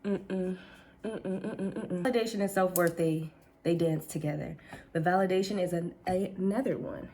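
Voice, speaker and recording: A woman's voice: on the low side, steady tone, normal speed, dark tone. A woman chatting casually with her viewers while getting ready at home, laughing often and calling them "girl". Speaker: vlogger. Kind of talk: casual get-ready-with-me chat. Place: home kitchen, then upstairs.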